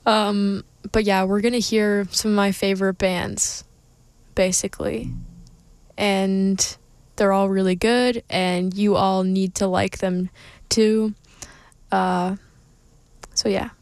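A woman's voice: mid-range voice, little pitch movement, slow pace, darkish tone, clear, resonant tone, no echo. A young woman hosting a college radio show, tired and sleepy, giggling and joking as she talks. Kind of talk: casual radio chat.

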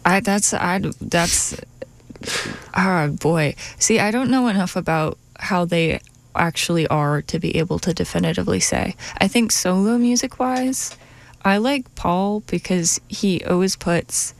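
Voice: mid-range voice, a little slow, creaky, dry recording. A young radio co-host chatting casually in a playful, giggly, thoughtful way.

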